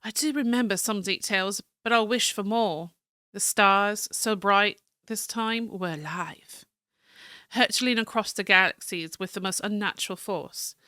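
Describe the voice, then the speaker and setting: A woman's voice: mid-range voice, moderate pace, pushed and bright, smooth, no room sound, studio quality, lightly acted. A woman voicing a stiff, proud male cartographer, reading his journal aloud in a formal, slightly fancy manner with small stumbles. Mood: musing.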